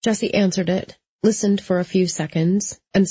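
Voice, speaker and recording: A woman reads a first-person novel in a measured, steady voice. Her voice is husky and mellow. The recording is dry and a little dull. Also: medium pitch, no room sound. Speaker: audiobook narrator.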